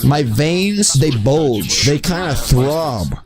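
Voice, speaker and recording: Man, high lively voice, over-the-top teasing gamer, loud music underneath. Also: slow. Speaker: game player. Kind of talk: joking banter. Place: online VR game.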